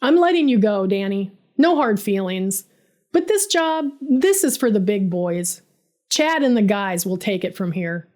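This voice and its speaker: A woman's voice: medium pitch, lively intonation, measured pace, darkish tone, natural voice. A woman voicing an arrogant, condescending male construction boss in a storybook narration, smug and dismissive.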